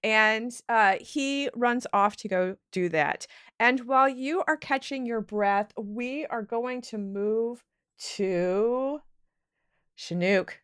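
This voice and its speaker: Game master woman, lively narration. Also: fairly high pitch, takes it slowly, clean tone, dry recording, clean studio sound.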